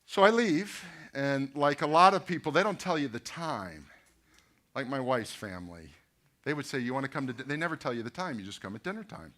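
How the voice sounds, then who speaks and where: A man's voice: medium pitch, brisk. A middle-aged man, a pastor, giving a talk at a business luncheon, telling anecdotes and asking the audience rhetorical questions. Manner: storytelling, animated anecdotes with quoted dialogue.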